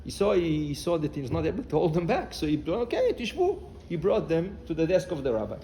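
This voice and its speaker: A man with a high voice gives a Torah class as a rabbi, telling stories animatedly and acting out their dialogue. His English carries Hebrew phrases and frequent restarts. A faint background hum sits under him. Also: expressive, quick pace, mellow.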